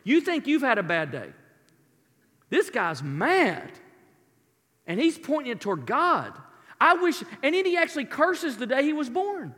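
Bright-voiced pastor preaching in a hall. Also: male voice, extremely high pitch, wildly swooping pitch, unhurried, pauses often. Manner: impassioned, rising to near shouting then dropping to a soft intimate tone. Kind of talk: sermon. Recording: long hall reverb, preaching in a large room.

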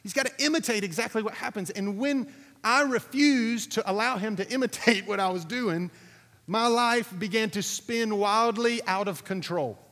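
A man preaching, telling a lively personal story to his audience, acting out what others said, then drawing a lesson from it. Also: high-pitched, normal speed. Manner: animated storytelling, acting out quotes, asking the audience. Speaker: pastor. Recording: reverberant hall recording.

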